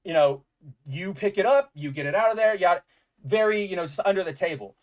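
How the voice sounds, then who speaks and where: A man's voice: high voice, lively intonation, fairly quick. A man co-hosting a casual comics chat, enthusiastic and rambling, with lots of "like" fillers. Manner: enthusiastic, rambling, says "like" often. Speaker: podcast co-host.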